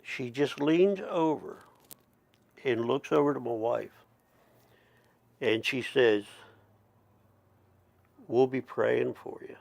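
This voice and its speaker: A middle-aged man tells a long personal story at a slow, unhurried pace. His voice has a gravelly, creaky texture and sounds dry and close. He rambles, stops to restart and wanders into asides. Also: mid-range voice, a little mellow, dry recording. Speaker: storyteller, Métis chief. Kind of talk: casual spoken storytelling.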